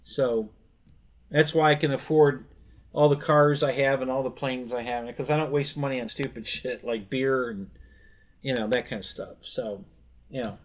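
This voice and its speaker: A middle-aged man hosting a live stream, telling a story in a rambling, halting way, with many restarts. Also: medium pitch. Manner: laughs easily while telling stories. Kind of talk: casual live-stream chat.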